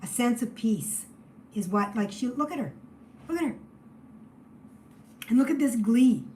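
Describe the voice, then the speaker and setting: A woman giving a spiritual tarot reading, emotional and shifting between loud exclamations and hushed near-whispers. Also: a little high, animated, unhurried, slight background noise, poor audio. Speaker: tarot reader.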